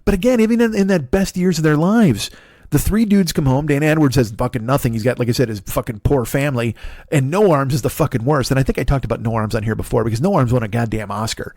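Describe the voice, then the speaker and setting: A man's voice: mid-range voice, quick pace, darkish tone, dry recording, studio quality. A man in his forties, a comedian hosting a podcast, delivering a profane, rambling comic monologue with frequent restarts. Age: 40s.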